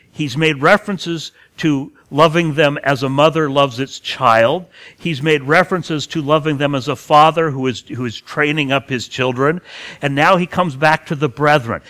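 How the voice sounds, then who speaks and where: A man's voice: a little high, a bit bright. A man teaching a passage of scripture in an earnest way, stressing key words and sometimes restarting phrases. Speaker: preacher. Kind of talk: expository Bible teaching.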